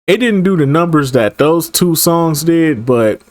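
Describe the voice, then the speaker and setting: A man's voice: a little high, expressive, a little slow, no echo, clean studio sound. A man co-hosting a casual music reaction, loose and emphatic, repeating his points. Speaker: co-host. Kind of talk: casual music review chat.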